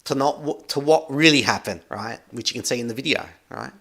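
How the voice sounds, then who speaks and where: Here a man hosting a commentary channel narrates a video with pointed accusations and heavy emphasis, saying "right?" after almost every phrase. He speaks fairly quickly in a mid-range, slightly bright voice.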